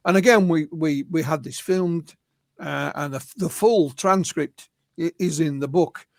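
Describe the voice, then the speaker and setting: Higher-voiced English man telling stories. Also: unhurried, vocal fry, no room sound. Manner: recounts witness stories, often quoting them. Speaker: guest researcher and author. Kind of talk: conversational storytelling interview.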